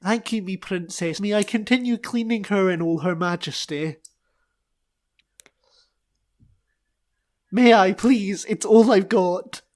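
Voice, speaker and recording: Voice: medium pitch, normal speed, natural voice. A tabletop player voicing an eager female cleaner who talks in a broad brogue and says "me laddie". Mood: pleading. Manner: loud, eager, dialect 'me laddie'.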